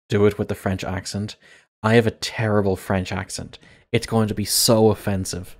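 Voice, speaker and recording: A man's voice: fairly low pitch, level tone, moderate pace, slight background noise. Jokey man streaming a game. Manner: jokey, crude, self-mocking. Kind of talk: live game playthrough commentary.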